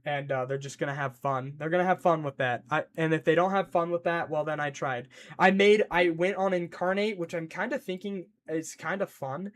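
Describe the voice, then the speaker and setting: A man chatting casually on a stream in an excitable, rambling way, reacting to chat and scolding his pet. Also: on the high side, a little fast, hardly any pauses.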